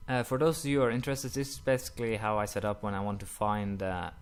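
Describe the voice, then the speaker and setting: A young man commenting casually while playing a strategy game, rambling with many fillers and quick apologetic asides. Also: on the low side, flat delivery, clear, resonant tone. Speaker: gaming commentator. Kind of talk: casual let's-play commentary.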